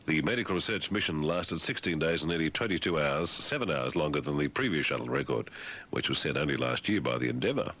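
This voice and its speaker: A man's voice: a bass voice, expressive, quick pace, fairly bright tone. A man hosting talk radio, reading news items and breaking off into wry, rambling, sardonic asides. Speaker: radio host.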